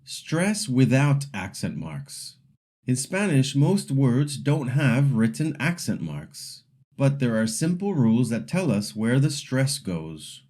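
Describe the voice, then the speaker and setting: Slow, patient male language teacher. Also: medium pitch, big pitch swings, a little mellow. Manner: patient, instructional, slowly modeling example words. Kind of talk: scripted lesson narration.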